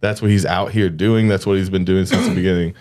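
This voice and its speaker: A man's voice: low-pitched, steady tone, quick pace, a little mellow. A man co-hosting a comedy podcast, joking and profane in casual chat. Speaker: podcast co-host.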